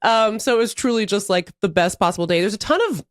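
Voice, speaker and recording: A woman's voice: mid-range voice, fast, no echo, clean studio sound. A woman co-hosting a podcast, telling a story in casual chat with a lot of laughter. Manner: animated storytelling, laughs often. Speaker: podcast co-host.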